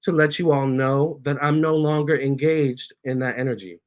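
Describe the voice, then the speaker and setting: A man hosting a casual storytime, reading out viewer comments, chatty and animated, often stopping to talk to his cats. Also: medium pitch, moderate pace, highs cut off. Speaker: tarot reader and channel host.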